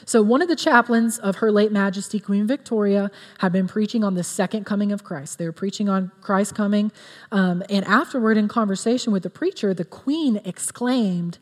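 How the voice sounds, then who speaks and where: A woman's voice: medium pitch, moderate pace. A woman giving a sermon in an earnest, conversational way, with many fillers. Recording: long reverb of a hall.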